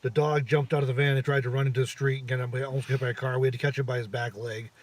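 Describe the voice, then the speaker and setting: A man's voice: medium pitch, level tone, racing, slight background noise. A man co-hosting a casual chat, telling a story in a dry way. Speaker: co-host.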